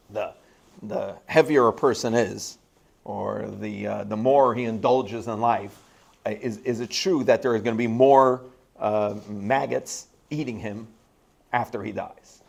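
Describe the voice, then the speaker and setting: A man with a creaky, medium-pitched voice teaches in a school classroom. His lively lecture is peppered with jokes and rambling asides between points, and he repeats key lines for emphasis.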